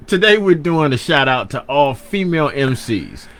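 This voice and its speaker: A man's voice: fairly high pitch, big pitch swings, measured pace, fairly bright tone. A man from hosting a casual radio show, playful and self-correcting as he hypes the listeners.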